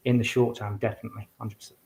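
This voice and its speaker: A man's voice: on the low side, little pitch movement, rapid-fire, a little mellow. A man talking as a guest in a casual interview, rambling with frequent restarts and fillers. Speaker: guest, medium and author. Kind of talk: casual conversation.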